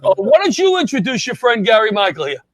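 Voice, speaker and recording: Man hosting talk show, high pitched, bright sharp tone, chummy upbeat banter, dry sound. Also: wildly swooping pitch, quick pace, no echo. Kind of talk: casual interview chat.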